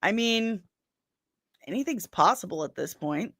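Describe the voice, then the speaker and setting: A woman's voice: mid-range voice, animated, a little slow, fairly bright tone, no echo, studio quality. A woman hosting a daily pop-culture news stream, chatting casually, laughing often and answering viewers' comments by name. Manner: loses her place while searching on screen and grumbles aloud. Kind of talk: casual live-stream chat about entertainment rumors.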